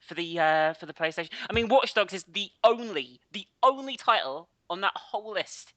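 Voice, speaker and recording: A woman's voice: mid-range voice, animated, moderate pace, a bit bright, dry recording, highs cut off. A woman guest on a podcast, chatting casually in a blunt, swearing way.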